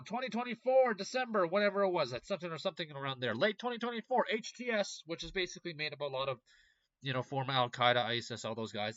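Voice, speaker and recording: A man's voice: a little high, animated, quick pace, fairly bright tone, dry recording, lo-fi sound. Profane, heated young man ranting. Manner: profane, heated, sarcastic rant. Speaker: political commentary channel host. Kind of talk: casual ranting commentary.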